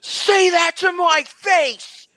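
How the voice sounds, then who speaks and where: A man voicing an angry, battle-worn male paladin knight who shouts his accusations. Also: very high-pitched, drawn-out words, dry recording, pitched above the performer's own voice, heavily acted. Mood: furious.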